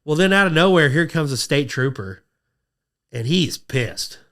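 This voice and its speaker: A man telling a long story on a podcast in a casual, lively way, acting out quotes in a high excited voice. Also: unhurried. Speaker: podcast guest.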